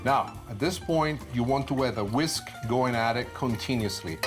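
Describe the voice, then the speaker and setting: A man in his sixties with an Italian accent, hosting a cooking show and explaining a dessert in an expressive, storytelling way. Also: mid-range voice, normal speed, music in the background. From Sicily, Italy. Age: 60s. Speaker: TV chef host.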